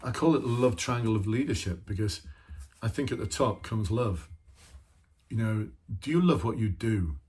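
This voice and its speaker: Husky-voiced man coaching leaders. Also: fairly low pitch, animated, normal speed, a little mellow. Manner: conversational, asks many rhetorical questions, talks to himself. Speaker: former police officer turned leadership trainer. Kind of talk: informal coaching talk to camera.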